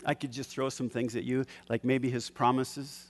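A man's voice: medium pitch, flat delivery, normal speed. An older man preaching a sermon, calling out questions for the congregation to finish and chuckling between points. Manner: call-and-response, asks the congregation to fill in words; chuckles often, shifts from loud to hushed. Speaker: pastor. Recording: long hall reverb.

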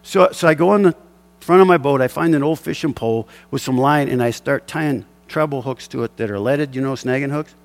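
A man's voice: mid-range voice, a little fast, faint music behind. A middle-aged man preaching as a pastor, moving between fervent exhortation and a chuckling personal fishing story. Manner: impassioned preaching with chuckling asides.

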